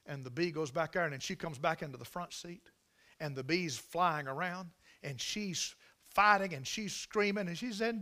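A man preaching a sermon through a dramatic story, swinging between loud outbursts and hushed passages. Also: a little high, normal speed.

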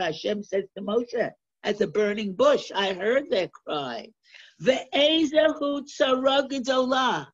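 A husky-voiced woman teaches a class on a sacred text, speaking slowly and with care. She reads each verse in the original and then explains it line by line. The recording is dull and lo-fi. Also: fairly low pitch, a little mellow. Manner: reads Hebrew verses then translates them, slow and deliberate. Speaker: Torah teacher. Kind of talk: text-study lesson.

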